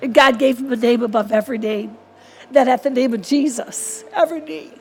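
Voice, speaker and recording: A woman's voice: on the high side, a little fast, a little hiss or hum. A woman preaching a sermon in an earnest, repetitive way and closing in prayer.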